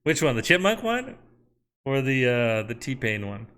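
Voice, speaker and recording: A software developer streaming his coding work, talking to his chat and to himself as he works. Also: mid-range voice, very animated, unhurried, smooth. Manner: talks to chat and himself while working. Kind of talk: live coding stream, thinking aloud.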